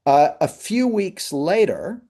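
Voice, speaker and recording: A man's voice: high-pitched, very animated, slow pace, gravelly, warm tone. A middle-aged man hosting a live masterclass over a video call, telling stories in a conversational way and acting out what people said. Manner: conversational storytelling, acting out quoted voices. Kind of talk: live webinar talk.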